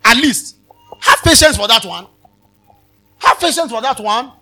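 Lively high-voiced preaching pastor. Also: male voice, measured pace, soft background music. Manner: repetitive, exhortative, swings from soft to shouting. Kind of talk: sermon. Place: live convention service.

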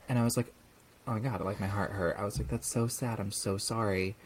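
Against a noisy background, a young man with a lowish voice speaks a little fast while co-hosting a podcast. He tells a story in casual chat, animated and acting out the people in it through their quoted voices.

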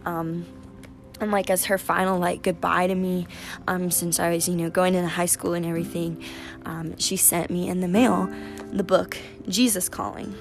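A young woman with a lowish, gravelly voice hosts her faith podcast in a loose, rambling chat. She fills her sentences with "like" and "um" while music plays clearly underneath. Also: little pitch movement, normal speed. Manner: chatty and rambling, full of "like" and "um". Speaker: podcast host. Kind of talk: casual faith-based podcast monologue.

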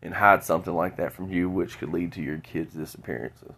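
A man talking alone into his podcast, stuffy from a cold, halting and often repeating words. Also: sits low, fairly even intonation, creaky, a bit bright, husky. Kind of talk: solo monologue.

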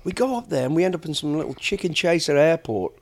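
A man's voice: on the high side, big pitch swings, quick pace, a little mellow. A middle-aged man from the United Kingdom, blunt and plain-spoken, telling stories in a casual podcast chat. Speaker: podcast host, former soldier and bodyguard.

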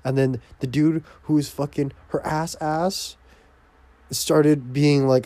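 A young man in a casual video diary, rambling crudely and breaking into loud, profane, exasperated outbursts. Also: medium pitch, fairly even intonation, takes it slowly, dry recording. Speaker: vlogger.

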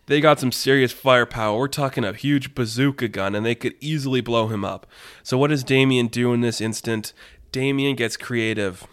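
Male podcast host, middle pitch, animated casual storyteller, loose and rambling.

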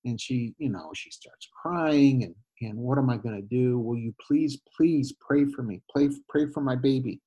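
A husky man recounts a story as an interview guest. He talks animatedly, jumping into quoted voices and often restarting his sentences. His pitch sits in an ordinary middle range. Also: moderate pace, few pauses, dark tone, dull audio. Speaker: guest, former missionary. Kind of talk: conversational storytelling.

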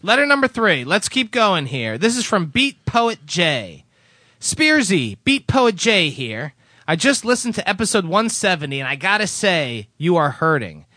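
Animated high-voiced male podcast host. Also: normal speed, hardly any pauses, no room sound. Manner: animated, breaks into laughs while reading. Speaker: podcast host reading listener letters. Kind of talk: casual chat, reading letters aloud.

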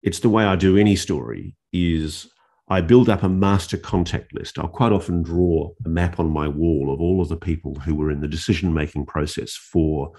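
A male journalist telling a story in an interview, animated, with restarts and dramatic pauses. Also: extremely low pitch. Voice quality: gravelly, husky.

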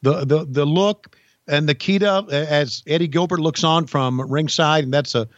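Guy telling old stories on a podcast, kinda high voice, dull dry mic. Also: dry recording. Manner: folksy storyteller, halting restarts. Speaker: podcast co-host, former wrestling insider. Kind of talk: casual chat, storytelling.

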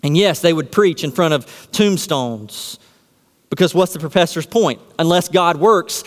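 Emphatic preacher in a reverberant hall. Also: male voice, on the high side, unhurried. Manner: emphatic, rhetorical questions answered aloud. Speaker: pastor. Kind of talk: sermon.

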